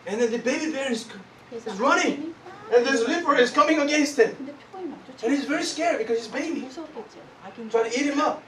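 High-voiced man preaching. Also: crowd noise. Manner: animated storytelling, halting word searches, frequent laughter. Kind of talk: sermon with live interpreting. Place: church hall. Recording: echoey hall, distant mic, congregation.

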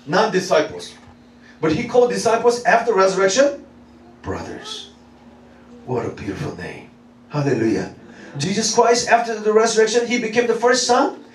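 A man in his thirties preaches an animated sermon in a high, swooping voice, often laughing and repeating himself as he calls to the congregation. He sounds set back from the mic in a roomy, echoing church hall with faint noise behind him. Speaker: pastor. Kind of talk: lively sermon. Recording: echoey room, mic at a distance, faint noise.

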